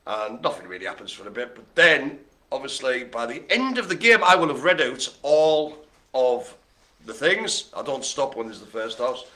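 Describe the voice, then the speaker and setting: Lively jokey bingo caller. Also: male voice, medium pitch, moderate pace. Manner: joking, wordplay, playful asides. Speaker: bingo host. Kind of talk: live online bingo calling.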